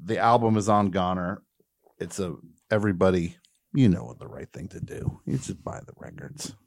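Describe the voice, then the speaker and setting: Joking male talk-show host, low voice. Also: lively intonation, moderate pace, no room sound. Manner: playful, joking banter. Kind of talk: casual interview chat. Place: studio.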